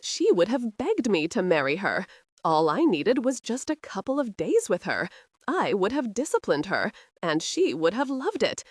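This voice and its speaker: Petulant spoiled young man, whining and self-pitying, lively pitch, audiobook read by a woman. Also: moderate pace, dry recording, clean studio sound. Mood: whiny. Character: whiny entitled young man, petulant suitor.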